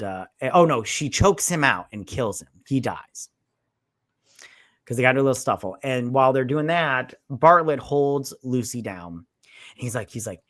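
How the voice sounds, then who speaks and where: A man's voice: medium pitch, a bit bright, no echo, clean studio sound. A man co-hosting a casual movie review chat, rambling and crude as he retells the plot. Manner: rambling, crude, keeps slipping into acted-out quotes. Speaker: co-host of a movie review show.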